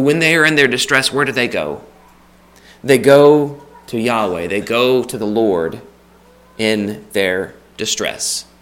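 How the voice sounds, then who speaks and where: Lively, bright-voiced male preacher. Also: lowish voice. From United States. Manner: lively, rising for emphasis, repeats phrases; conversational with restarts and light laughs. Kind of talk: sermon.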